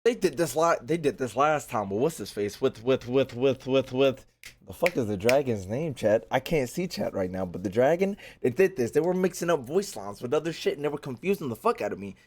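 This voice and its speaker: A man streaming a casual reaction to a game trailer, profane, excitable and rambling. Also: medium pitch, fairly quick.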